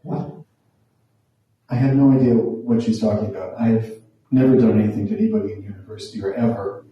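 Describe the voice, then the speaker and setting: A man's voice: on the low side, lively intonation, a little fast, lo-fi sound. A man in his forties telling a wry, self-deprecating stand-up story in a conversational way on a small stage. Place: small theatre room. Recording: very echoey room, from a distance.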